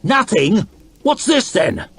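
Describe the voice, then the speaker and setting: A man voicing a desperate, furious young male brawler with high, strained shouts in a storybook reading. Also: big pitch swings, unhurried, full character voice. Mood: frantic shouting.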